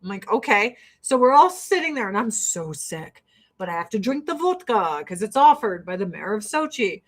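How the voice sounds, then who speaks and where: Profane, animated American woman vlogger. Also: medium pitch, moderate pace. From United States. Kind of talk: casual chat while getting ready.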